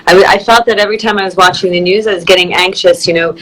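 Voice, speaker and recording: A woman's voice: fairly low pitch, fairly even intonation, fast talker, a bit bright, low-quality recording. A woman with an American accent hosting a video call chat, agreeable and chatty. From United States. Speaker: host.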